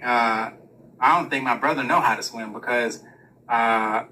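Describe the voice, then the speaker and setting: A man's voice: medium pitch, unhurried, bright, forceful tone, far from the mic, a little hiss or hum, low-quality recording. A man telling a personal story in a casual, rambling monologue, full of swearing. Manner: profane, rambling, laughs through his own story.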